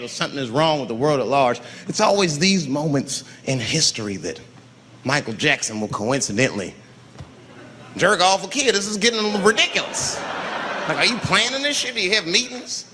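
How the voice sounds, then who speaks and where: Male stand-up, lively swooping delivery, raised pitch, live room with crowd laughs. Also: fairly quick, a little hiss or hum. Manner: profane, animated storytelling. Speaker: stand-up comedian. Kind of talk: stand-up comedy. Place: comedy venue on stage. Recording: live club recording, reverb, audience laughter.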